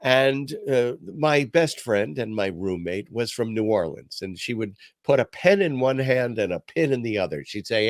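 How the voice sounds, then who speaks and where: A man's voice: medium pitch, moderate pace, hardly any pauses, dry recording, clean studio sound. An older man hosting a podcast, telling stories in a casual, self-deprecating chat. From New York. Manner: storytelling, animated and self-deprecating. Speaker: podcast host.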